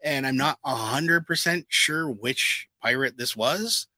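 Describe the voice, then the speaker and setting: A man co-hosting a fan podcast, reading out cast credits in casual chat with filler pauses. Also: medium pitch, bright, forceful tone, no echo. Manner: reads lists with filler pauses. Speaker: podcast co-host.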